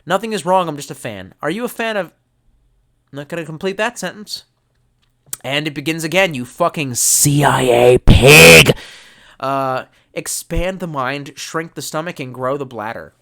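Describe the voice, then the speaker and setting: Drunk man, live streamer, swearing, lively swooping pitch, rambling chat reading. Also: normal speed. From United States. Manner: profane, rambling, mock-angry outbursts.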